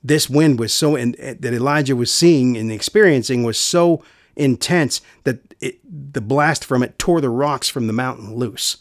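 A man preaching a sermon in an earnest way, repeating key phrases and going soft for quiet lines. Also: mid-range voice, moderate pace, dry recording, studio quality.

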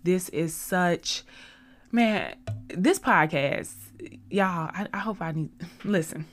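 Chatty woman podcast host, slightly low voice. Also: slow pace, soft background music. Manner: chatty, rambling and effusive. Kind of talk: casual faith-based podcast monologue. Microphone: studio podcast mic.

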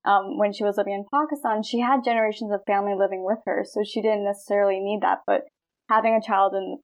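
A woman's voice: mid-range voice, fairly even intonation, fast talker. A woman in her twenties interviewing a guest, friendly and a little hesitant, with many "like" and "um". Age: 20s. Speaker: student interviewer. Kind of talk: casual interview conversation.

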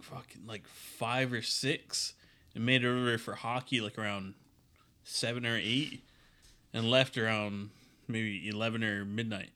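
A man's voice: lowish voice, fairly even intonation, a little slow, pushed and bright. A man co-hosting a podcast, telling a rambling, crude story in casual chat and laughing at it. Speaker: podcast co-host.

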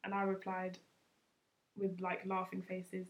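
A woman in her twenties hosts a podcast and tells a personal story in a relaxed, casual way. She sounds chatty and pokes fun at herself, and her voice sits at a middle pitch. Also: slow, long pauses. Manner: chatty and self-mocking, laughs often. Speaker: podcast host.

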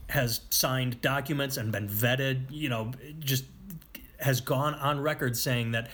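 A man's voice: mid-range voice, unhurried, a bit bright. A man in a casual political chat who sounds frustrated and rambles, breaking off and restarting his sentences.

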